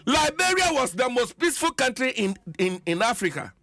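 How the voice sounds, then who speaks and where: A man's voice: extremely high pitch, sing-song, brisk, bright, forceful tone, no echo. A Ghanaian man on a radio panel, arguing a political point heatedly and repeating his lines for emphasis. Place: radio studio.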